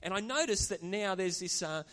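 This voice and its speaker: A man's voice: high voice, animated, normal speed, fairly bright tone, big-room sound. A man preaching a sermon as pastor, earnest and conversational, with chatty asides to the congregation. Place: church.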